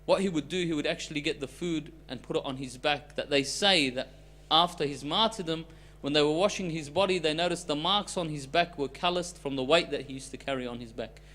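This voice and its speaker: A man preaching a sermon as a story, with loudness that swings between emphatic lines and soft, hushed ones. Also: on the high side, fairly quick.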